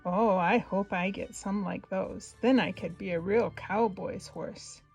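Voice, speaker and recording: A woman's voice: medium pitch, a little slow, creaky, slightly rough, soft background music, poor audio. A woman voicing a curious, hopeful little male colt in a storybook, musing to himself in a wondering tone.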